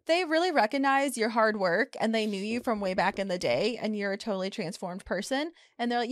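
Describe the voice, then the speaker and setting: A young woman co-hosting a podcast in casual chat, quick to react and throw out guesses. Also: mid-range voice, no echo, studio quality. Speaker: podcast co-host.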